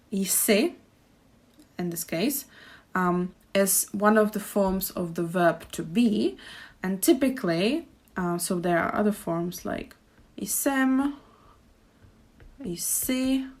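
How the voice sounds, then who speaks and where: A woman with a Czech accent teaching pronunciation, speaking slowly and repeating each example phrase with care. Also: mid-range voice, a little mellow. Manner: slow, careful demonstrations with repeated example phrases. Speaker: language teacher. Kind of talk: pronunciation lesson. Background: birdsong and traffic outside.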